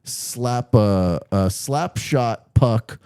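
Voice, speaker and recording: A man's voice: medium pitch, drawn-out words, warm tone, clear, resonant tone, dry recording, studio quality. A man appearing as a podcast guest, chatting in a laid-back, joking way. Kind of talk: casual podcast chat.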